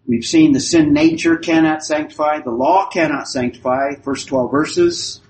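A man teaching a Bible class verse by verse, in a measured, explanatory way that keeps restating his points. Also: fairly high pitch, steady tone, slight background noise, low-quality recording.

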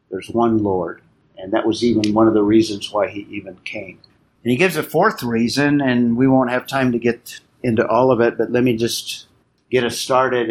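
A man leads a Bible study class at an ordinary pitch. He talks in a measured, explanatory way and stops now and then to quiz the class. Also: a little hiss or hum.

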